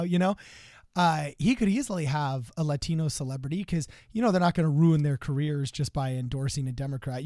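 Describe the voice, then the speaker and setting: A man's voice: fairly high pitch, dark tone, no echo, clean studio sound. A man co-hosting a casual political podcast, chatty and storytelling, dropping in Spanish phrases. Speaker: podcast co-host.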